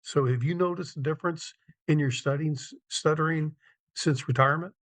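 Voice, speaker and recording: A man's voice: fairly high pitch, fairly quick, no room sound. A man moderating an online Q&A, relaying questions and comments with small slips and restarts.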